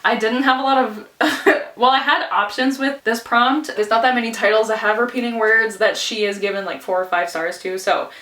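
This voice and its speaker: A woman's voice: on the high side, normal speed, fairly bright tone, far from the mic. A woman chatting casually on a reading vlog, giggling often and scattering "like" and "anyways" through her talk. She sounds slightly out of breath. Her voice carries a roomy echo and sits a little back from the mic. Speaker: book vlogger.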